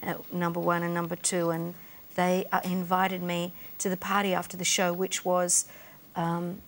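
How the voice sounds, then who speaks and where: A woman's voice: on the low side, completely flat delivery, normal speed. An older woman on a TV panel recalling a story, hesitant with small fillers. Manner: warm, hesitant recollection with fillers. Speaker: panel guest. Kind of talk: reminiscing on a TV panel.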